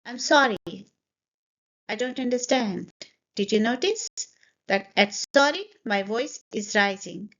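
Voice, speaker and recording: Slow, lively English teacher woman. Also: mid-range voice, highs cut off. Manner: repeats each sentence twice, explains intonation. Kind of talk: slow, clear pronunciation lesson.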